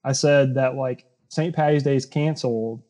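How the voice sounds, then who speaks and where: A young man co-hosting a casual podcast chat, animated and quick to put on silly voices when retelling scenes. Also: mid-range voice. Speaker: podcast co-host.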